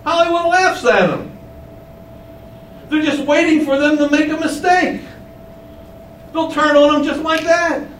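A man's voice: extremely high pitch, unhurried, long pauses, a bit bright. A man preaching a sermon, emphatic, with many rhetorical questions, in a windowless room. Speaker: pastor. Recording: roomy, distant mic, faint hum.

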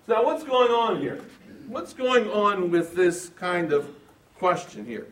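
Emphatic preacher, roomy and distant. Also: male voice, high voice, very animated, unhurried. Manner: emphatic, shifts from quiet to loud, asks the audience questions. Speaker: preacher teaching from the Bible. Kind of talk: sermon, verse-by-verse Bible teaching.

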